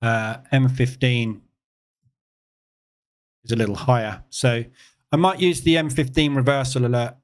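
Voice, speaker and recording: A man from England hosts a live trading session. He talks in a casual, conversational way, answering questions from the chat between readings of the charts. His voice sits at an ordinary, middle pitch. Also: measured pace, pauses often. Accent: English. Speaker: trading room host.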